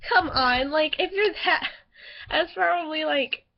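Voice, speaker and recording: High-pitched young woman rambling to her webcam, giggly, lots of ums, kinda dull lo-fi sound. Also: measured pace, creaky. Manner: chatty, giggly, rambling with fillers. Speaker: vlogger. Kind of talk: casual chat to camera.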